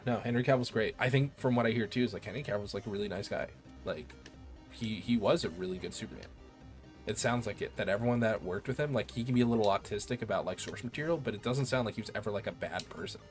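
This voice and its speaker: A man's voice: fairly low pitch, quick pace, faint music behind. Rambling, cursing male game streamer. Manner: excitable, rambling, swears freely. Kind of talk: casual chat while gaming.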